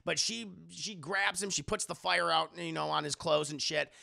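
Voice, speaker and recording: A man recapping an anime episode on a live stream, casual, animated and profane. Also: on the high side, moderate pace, creaky.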